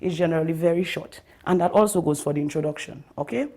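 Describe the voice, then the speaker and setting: A woman teacher giving a recorded writing lesson to pupils, explaining step by step and often checking in with "okay?" and "all right?". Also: mellow. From Dominica. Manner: stresses key terms by slowing down and lifting pitch.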